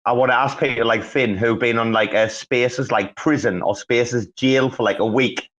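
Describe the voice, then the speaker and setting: A man hosting a live audio chat, talking in an excitable, profane and rambling way. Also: mid-range voice, moderate pace. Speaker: host. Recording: dull lo-fi audio.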